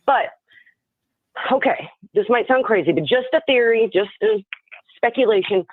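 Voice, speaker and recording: A woman's voice: a little high, expressive, moderate pace, no room sound. A woman phones into a live show and rambles through her thoughts, piling up fillers and half-finished sentences. Her voice sits in a middle range and comes through a thin, tinny phone line. The sound is dry and close. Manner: rambling, full of fillers and restarts. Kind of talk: casual speculative chat.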